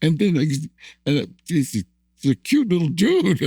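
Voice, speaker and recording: Gravelly older man telling stories. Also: a little high, big pitch swings, takes it slowly, darkish tone, dry recording. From United States. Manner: gravelly, rambling, laughs often, repeats words. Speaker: guest. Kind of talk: storytelling interview.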